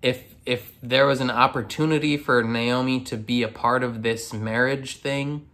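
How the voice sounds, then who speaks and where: A reaction video host talks casually through his take on a TV episode, rambling, restarting and laughing often amid plenty of fillers. His voice is mid-range and steady, a little slow and a bit bright.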